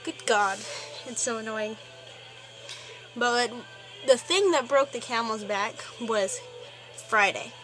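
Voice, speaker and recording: Exasperated teen girl ranting, bright voice. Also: a little high, slow, pauses often, faint music behind, rough recording. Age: teens. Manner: exasperated, rambling, many fillers. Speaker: vlogger. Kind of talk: ranting vlog.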